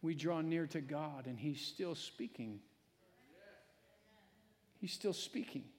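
A male pastor preaching a sermon, swinging between loud, emphatic lines and hushed, quiet ones. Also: on the high side, expressive, takes it slowly, long pauses. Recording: long hall reverb.

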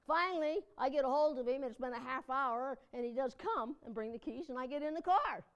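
High-voiced folksy woman pastor preaching. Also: brisk, clean tone, highs cut off. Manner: chatty and folksy, often laughing, breaks into emphatic cries. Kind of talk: conversational sermon with personal stories.

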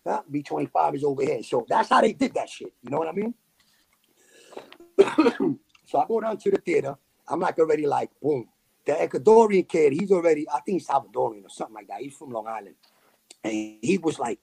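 A man with a New York accent telling a story in a casual, animated way, full of slang and fillers. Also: fairly high pitch, a little fast, vocal fry, breathy edge. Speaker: podcast guest.

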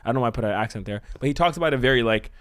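A man's voice: mid-range voice, lively intonation, racing, clear, resonant tone, no room sound, studio quality. A man co-hosting a podcast who talks in a rambling, sweary way while brainstorming a story idea, laughing often. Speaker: podcast co-host. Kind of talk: casual brainstorming chat.

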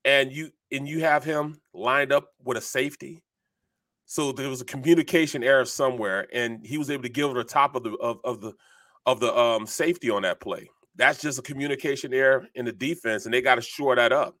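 Once a football lineman, this middle-aged sports talk co-host rambles through energetic anecdotes full of fillers. He speaks at medium pitch and a fairly quick clip.

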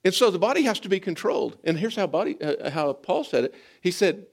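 A man preaching a sermon, his voice rising and falling in a lively swing. He sits a little higher than most men and speaks straight to the congregation, pulling them in. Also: fairly quick, gravelly, hardly any pauses. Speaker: pastor.

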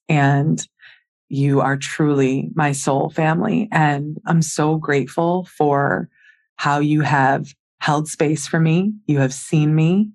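A woman's voice: low-pitched, vocal fry, a little mellow. A woman hosting a podcast, talking in a heartfelt, effusive way with a friend. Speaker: podcast host. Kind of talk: casual chat.

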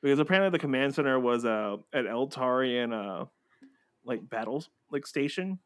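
A man's voice: medium pitch, animated, moderate pace, no echo, studio quality. Rambling middle-aged man, guest. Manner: rambling, many fillers and restarts. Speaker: guest YouTuber. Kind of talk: casual fan chat.

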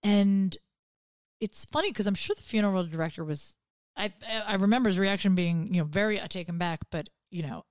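Animated woman comic telling stories. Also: medium pitch, brisk, no room sound, studio quality. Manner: animated storytelling, acts out quotes. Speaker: comedian guest. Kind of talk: casual podcast chat.

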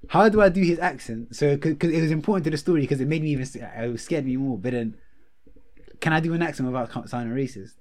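Young man, casual storytelling, animated, laughing, slangy. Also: fairly high pitch, quick pace. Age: young adult.

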